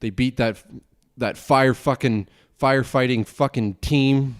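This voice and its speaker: A young man hosts a solo podcast in an angry, profane rant. He rambles from one gripe to the next, his voice sitting at an ordinary middle pitch. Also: fairly even intonation, a little slow, clean tone. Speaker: podcast host.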